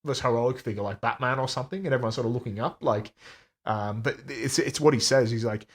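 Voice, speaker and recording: A man's voice: mid-range voice, fast talker. A man co-hosting a book podcast, speaking in a thoughtful, hesitant way and often repeating words. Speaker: podcast co-host. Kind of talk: casual book discussion.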